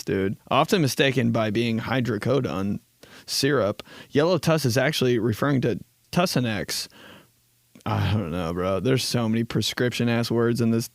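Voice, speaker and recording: A young man hosting a solo comedy podcast, animated and swearing freely as he acts out little scenes in other voices. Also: medium pitch, creaky, no room sound, clean studio sound. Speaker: podcast host.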